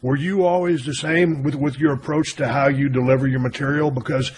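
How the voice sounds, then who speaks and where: A man's voice: medium pitch, steady tone, a little fast. A man hosting an interview, a former wrestler telling stories in an easygoing, chatty way. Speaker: podcast host and former wrestler. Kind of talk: casual interview chat.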